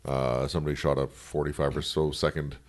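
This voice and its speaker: A man's voice: very deep voice, little pitch movement, a little fast. A man co-hosting a podcast, chatting casually in brief, laid-back remarks. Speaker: podcast co-host.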